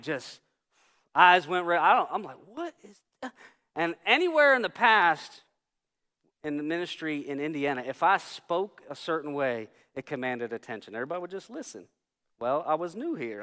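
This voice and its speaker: A male pastor preaching a sermon, telling a personal story and swinging from hushed, quiet lines to shouted ones. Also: on the high side. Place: church sanctuary. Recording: long church hall reverb.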